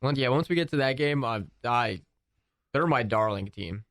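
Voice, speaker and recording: A man's voice: medium pitch, moderate pace, no room sound, studio quality. A young man co-hosting a radio sports show, joking around and slipping into silly voices. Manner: animated joker who slips into silly voices. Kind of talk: casual sports banter. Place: radio studio.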